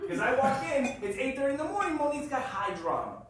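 A man telling a joking, profane story to a group at a networking meeting, in an animated, excitable way. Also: very high voice, fast. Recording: very echoey room from far off, crowd audible.

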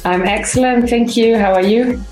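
A woman's voice: on the high side, moderate pace, darkish tone, echoey room, faint music behind. A woman with a German accent speaking as an interview guest, cheerful and laughing often. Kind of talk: casual interview.

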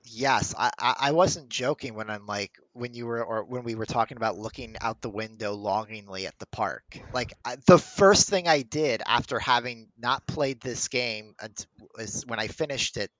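A man with a mid-pitched voice co-hosts a casual podcast chat. He talks eagerly and keeps stammering through false starts. His sound is dry and close. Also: moderate pace, a bit bright, no room sound, poor audio. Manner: enthusiastic, stammers on restarts. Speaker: podcast co-host.

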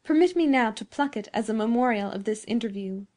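A woman's voice: on the high side, expressive, a little fast, warm tone, close to an everyday voice. A woman reading the lines of a courteous, ardent young man in a storybook, formal and earnest.

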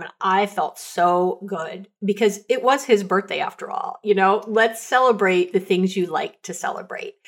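A woman coach hosting an advice podcast, retelling client stories in a chatty, animated way. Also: mid-range voice. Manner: lots of "like" and "you know" fillers.

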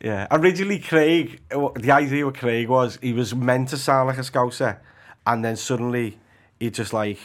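A young man with a Liverpool accent, a comedian guest chatting casually, animated and laughing often as he jokes. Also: medium pitch, normal speed, hardly any pauses. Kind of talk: casual chat.

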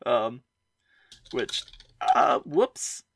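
A man's voice: mid-range voice, expressive, drawn-out words, creaky, no echo. A man co-hosting a podcast, chatting casually with fillers and sharing behind-the-scenes fun facts. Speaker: podcast co-host. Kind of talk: casual chat with trivia.

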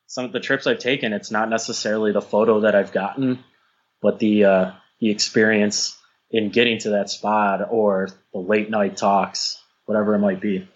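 Husky-voiced male podcast guest. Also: on the low side, level tone, normal speed, highs cut off. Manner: earnest, repeats words while thinking. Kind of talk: casual podcast chat.

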